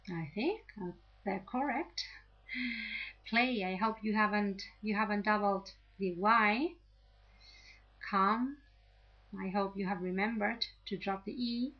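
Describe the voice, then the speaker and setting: Slow, patient woman teaching grammar. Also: mid-range voice. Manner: slow, patient, checks in with "okay?". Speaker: English teacher. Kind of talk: grammar lesson to camera. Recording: slightly dull lo-fi audio.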